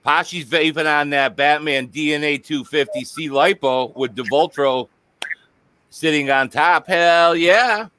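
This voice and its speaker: A man's voice: fairly high pitch, a little slow, sharp tone. A man hosting a casual live-stream chat, joking crudely and swearing freely. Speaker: host.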